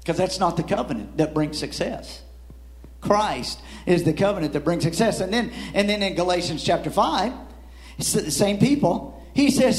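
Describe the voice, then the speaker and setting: A man delivers a sermon in a high-pitched voice. He pushes his points with rising emphasis, then drops low, often stumbling over repeated words and closing with "Amen". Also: lively intonation, moderate pace. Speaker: preacher.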